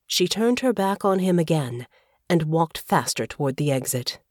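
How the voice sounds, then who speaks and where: A woman narrating an audiobook in a measured, even storytelling voice. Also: sits low, no echo, studio quality. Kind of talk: scripted narration.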